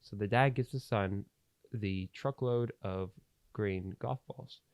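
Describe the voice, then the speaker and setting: A man's voice: fairly low pitch, slow pace, darkish tone, no echo. A young man hosting a podcast, telling a long story in a rambling way with plenty of fillers and restarts. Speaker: podcast host. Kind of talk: casual storytelling. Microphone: studio podcast mic.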